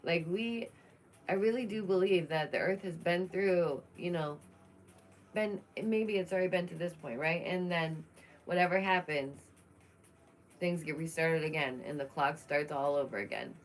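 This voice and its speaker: A woman's voice: on the low side, normal speed, a little hiss or hum. A young woman chatting casually and outspokenly through a true crime commentary vlog, laughing often.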